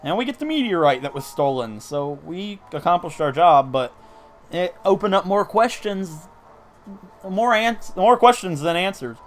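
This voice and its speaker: A man's voice: high voice, sing-song, normal speed, faint music behind. A man giving casual, upbeat commentary while playing a video game, explaining his moves as he goes. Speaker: let's play commentator.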